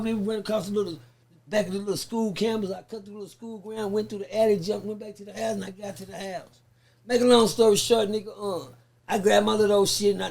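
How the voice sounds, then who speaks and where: Man in his fifties, podcast guest; fry-edged, high-sitting voice, swears freely, acts out the voices in his story. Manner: profane, lively, acts out the voices he quotes. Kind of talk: casual storytelling.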